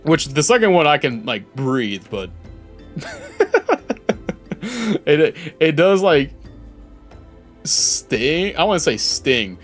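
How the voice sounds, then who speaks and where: A man's voice: fairly high pitch, very animated, slow, pauses often, faint music behind. A young man streaming a game, rambling casually and joking at himself. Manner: rambling, self-deprecating, reads game text aloud. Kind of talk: casual gameplay commentary.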